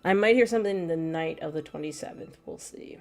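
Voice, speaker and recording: A woman's voice: low voice, fairly quick. A woman streamer in casual, rambling chat with her viewers, a little stuffy from allergies and laughing often. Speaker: gaming streamer.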